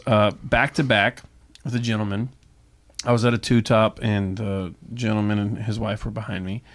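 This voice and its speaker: A man who owns a brewery tour company, telling stories in a casual podcast chat with enthusiasm, often repeating words as he starts a thought. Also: lowish voice. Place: Knoxville.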